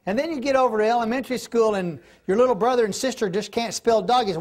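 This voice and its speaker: A man's voice: extremely high pitch, brisk, a little mellow. A middle-aged man teaching a Bible class in a folksy, conversational way, asking the class questions, recorded in a classroom. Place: classroom or church hall.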